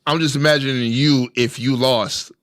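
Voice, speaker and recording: A man's voice: mid-range voice, fairly even intonation, normal speed, fairly bright tone, no room sound, studio quality. A man in casual podcast chat, reacting to a story with laid-back asides.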